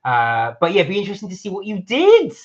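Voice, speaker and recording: A man's voice: high-pitched, huge pitch swings, quick pace. A man co-hosting a casual live-stream chat, reading viewer comments aloud with frequent uhs. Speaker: vlog co-host. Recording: dull lo-fi stream audio.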